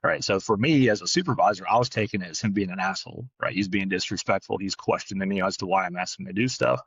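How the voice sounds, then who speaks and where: This low-pitched, husky man with a fairly bright tone is a dog trainer co-hosting a podcast. He tells a work story in a quick, blunt, casual way, often ending lines with "right?" and swearing here and there. There's no echo, but the sound is lo-fi.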